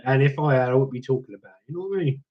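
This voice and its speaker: Over a crowd in the background and lo-fi sound, a medium-pitched man talks rapid-fire. He's a livestream host reading chat, casually telling scrapping stories and slipping into mock accents as he goes.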